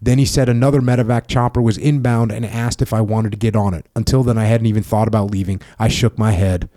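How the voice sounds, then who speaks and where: A man hosts a podcast and reads from a war memoir in a steady, measured voice. His tone is dark and mellow. The sound is dry and close to the mic. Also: fairly low pitch, no echo. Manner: steady, measured reading with brief questions. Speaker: podcast host. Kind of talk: reading a memoir aloud and interviewing.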